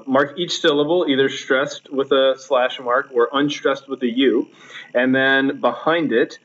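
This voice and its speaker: A man's voice: mid-range voice, a bit bright. Man teaching with frequent "uh"s, dull laptop audio. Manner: patient, explanatory, frequent fillers and restarts. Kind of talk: recorded slideshow lecture. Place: home, with a laptop.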